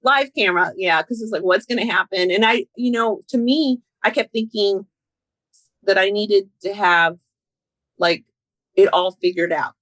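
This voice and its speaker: A woman's voice: mid-range voice, normal speed, fairly bright tone, dry recording, low-quality recording. Candid, laughing woman guest, dry close sound. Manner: candid, self-deprecating, laughs often. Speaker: podcast guest. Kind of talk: casual conversation.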